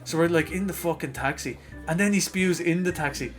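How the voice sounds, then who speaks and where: A man's voice: fairly high pitch, fairly quick, soft background music. Sweary Irish man telling a pub story. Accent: Irish, Dublin. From Ireland. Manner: sweary, animated anecdote teller. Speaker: podcast co-host. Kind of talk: casual chat, storytelling.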